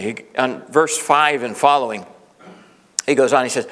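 A male pastor preaching a sermon, swinging from loud, emphatic peaks to hushed asides. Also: medium pitch, normal speed. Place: church sanctuary. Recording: reverberant church hall.

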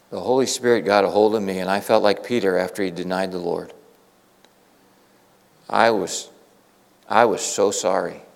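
A man's voice: on the low side, vocal fry, a bit bright. A middle-aged man preaching a storytelling sermon, earnest and conversational, often restarting his sentences. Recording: long reverb of a large hall.

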